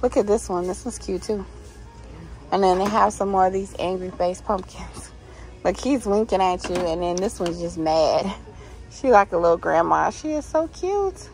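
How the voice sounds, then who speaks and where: Her voice sits fairly low with a darkish tone, moving at a moderate pace and fairly even intonation. She's vlogging casually while walking through a store, gushing over holiday decor and reading signs aloud, with soft music behind her and poor audio.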